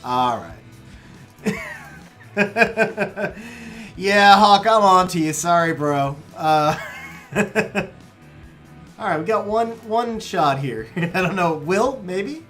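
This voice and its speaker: Laid-back male streamer, high voice. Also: huge pitch swings, extremely slow, pauses often, a bit bright, soft background music. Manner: laid-back, chuckles often, addresses chat as bro and man. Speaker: game streamer. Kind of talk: live-stream chat and commentary.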